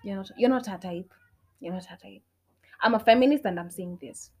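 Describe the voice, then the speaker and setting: A young adult woman, ranting her opinions in casual talk. She swears freely, mixes in Swahili, and swings between loud outbursts and low muttered asides. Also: brisk, slightly rough. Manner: outspoken, swears a lot, switches between English and Swahili. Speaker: vlogger.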